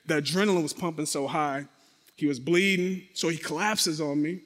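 A man with a fairly high voice tells a dramatic personal testimony. He speaks straight to his listeners and acts out sounds and voices as he goes. His voice rings with long reverb, as if in a large hall. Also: moderate pace. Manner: animated, acts out sound effects and quotes; addresses the audience directly.

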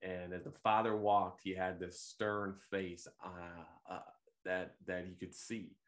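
Host, male, very deep voice, gentle devotional meditation delivery, unhurried. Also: flat delivery. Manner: gentle, unhurried, with occasional fillers and restarts. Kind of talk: reflective devotional talk.

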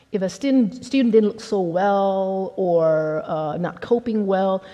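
High-voiced woman pastor preaching in a hall. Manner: conversational, animated, acts out quotes. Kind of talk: sermon.

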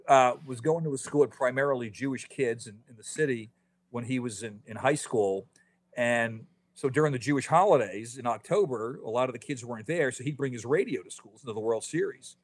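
A man in his fifties, an author telling stories as a podcast guest, animated, with quick restarts and lots of "you know.". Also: medium pitch. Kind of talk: casual podcast interview.

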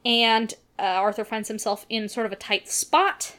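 A woman's voice: fairly high pitch, fairly even intonation, unhurried, fairly bright tone. A woman co-hosting a casual movie discussion, chatty and laughing often as she recaps scenes. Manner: chatty, laughs often, acts out characters' lines. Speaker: film podcast co-host.

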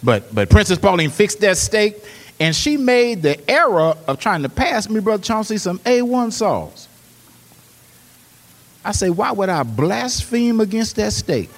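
A man preaching a sermon. He swings between hushed, quick storytelling and loud, rising exhortation. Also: high-pitched, sing-song, in a large hall. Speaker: pastor. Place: church.

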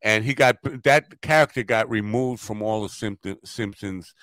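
A man's voice: lowish voice, fairly bright tone, no room sound. A male podcast host in casual chat, curious and joking, with many fillers. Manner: curious, filler-heavy, quick to joke.

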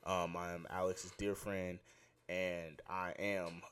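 A young man hosting his own podcast segment, talking about faith in a casual, excitable and rambling way. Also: deep voice, takes it slowly, clear, resonant tone. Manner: excitable, rambling, self-interrupting.

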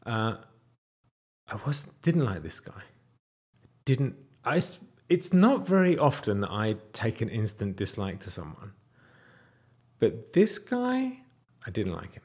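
A man in his thirties casually telling a personal story, animated, sometimes dropping to a whisper. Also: takes it slowly, long pauses, slightly rough. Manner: animated, wide swings in pitch and loudness, drops to whispers.

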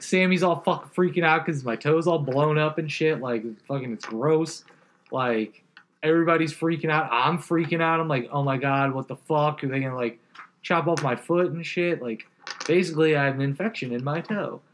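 A man with a slightly high voice tells a rambling, profane story, full of fillers and laughs. Faint noise sits under the recording. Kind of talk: casual chat.

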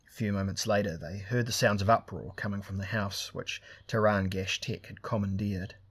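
A man's voice: lowish voice, fairly even intonation, moderate pace, fairly bright tone, slightly rough. A man narrating a fantasy story, lifting his voice for the characters' lines. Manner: reads dialogue with raised voices for characters. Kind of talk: audiobook narration.

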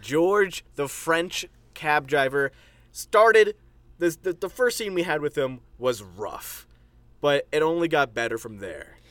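A co-host on a casual movie-review podcast, reacting excitably and leading into new topics. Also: medium pitch, slow, no echo.

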